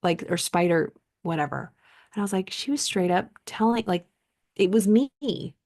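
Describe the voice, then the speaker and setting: A woman's voice: medium pitch, lively intonation, normal speed, a little mellow. A woman coach reading a self-help book aloud, then chatting casually about it and telling stories with many fillers.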